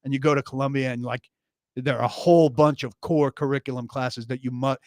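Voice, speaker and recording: A man's voice: medium pitch, steady tone, fairly quick, dry recording, clean studio sound. A man in his fifties co-hosting a sports talk radio show, wry and rambling, often correcting himself as he tells stories. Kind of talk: casual sports radio banter. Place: radio studio. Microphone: studio microphone.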